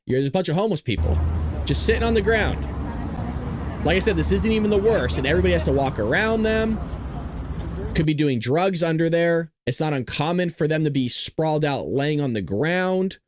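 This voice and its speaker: A man's voice: a little high, big pitch swings, normal speed, noisy background. A man hosting a podcast, talking casually and rambling to viewers while he plays his own video clips. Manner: rambling, talks straight to viewers. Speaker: podcast host.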